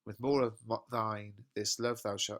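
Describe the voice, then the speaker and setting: A male teacher reading out a lovesick, melodramatic young man in slow, dramatic verse recitation. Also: on the low side, flat delivery, fairly bright tone. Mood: overwrought.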